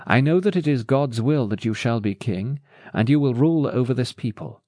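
A man's voice: medium pitch, lively intonation, moderate pace, warm tone, no room sound, clean studio sound, natural voice. A man voicing a remorseful aging king in a Bible storybook, sorrowful and humbled.

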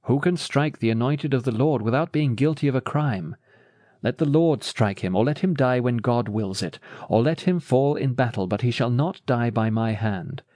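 A man's voice: medium pitch, lively intonation, moderate pace, warm tone, dry recording, studio quality, lightly acted. A man voicing an earnest young future king in a Bible storybook, solemn and pleading.

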